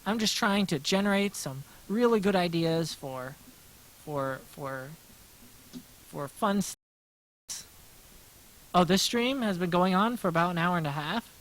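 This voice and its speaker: An American man with a soft, smooth voice chats loosely with his livestream viewers while drawing. He rambles, repeats himself and pokes fun at himself as he answers their questions one after another. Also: sits high, animated, a little slow, long pauses, poor audio. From United States. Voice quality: gentle smooth voice. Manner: rambling, self-deprecating, answers chat aloud. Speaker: livestreaming artist.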